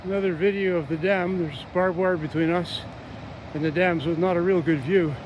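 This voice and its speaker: Sex: man. Pitch: high. Style: casual walking vlog, rambling. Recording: noisy outdoors. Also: steady tone, highs cut off. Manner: rambling, frequent fillers and restarts. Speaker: travel vlogger. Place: outdoors, walking through a small coastal town. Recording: outdoor noise with rushing water.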